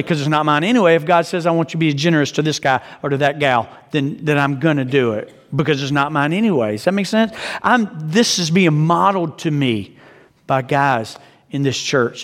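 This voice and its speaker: Man, pastor, sermon, conversational, rhetorical questions, slightly high voice, long hall reverb.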